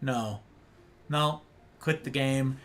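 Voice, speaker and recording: A man's voice: medium pitch, drawn-out words, a bit bright, a little hiss or hum. A man streaming a game live, exasperated and ranting about the controls while talking to his chat and a friend.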